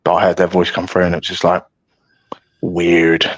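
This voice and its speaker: A British man speaking as a podcast guest, with a fairly low voice. He tells rambling stories in a loose, self-mocking way and often stops and restarts his sentences. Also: completely flat delivery, normal speed, muffled recording. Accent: British English. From United Kingdom. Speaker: guest paranormal investigator. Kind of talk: casual storytelling chat.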